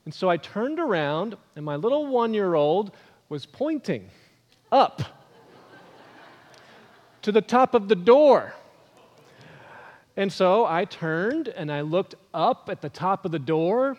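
A middle-aged man pastor preaching a sermon in an earnest, storytelling way, pausing on frequent "uh"s. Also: high-pitched, very animated, darkish tone. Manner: earnest, storytelling with many "uh" pauses. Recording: long reverb of a large hall.

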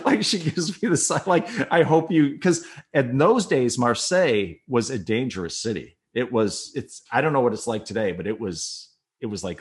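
A middle-aged man telling a personal story in a rambling, animated way, acting out his own thoughts. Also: medium pitch. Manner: rambling, animated retelling with quoted inner thoughts.

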